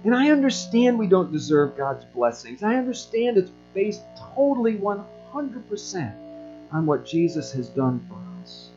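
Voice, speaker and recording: A man's voice: high voice, big pitch swings, moderate pace, warm tone, lo-fi sound, soft background music. A man preaching a sermon as pastor, earnest and building to emphatic peaks.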